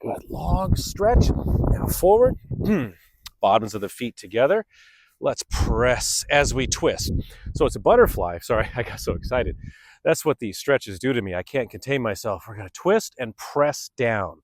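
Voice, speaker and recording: A man's voice: medium pitch, very animated, unhurried, no echo, low-quality recording. Middle-aged male fitness instructor guiding stretches, chatty and upbeat, mid voice, close and dry. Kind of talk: guided stretching class. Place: outdoors under open sky.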